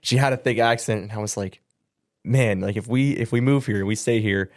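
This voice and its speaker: Young male guest, slightly low, relaxed and rambling, dry close mic. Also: moderate pace, no room sound. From Southern California. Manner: easygoing, rambling, lots of likes and ums. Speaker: student pastor. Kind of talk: casual podcast guest chat.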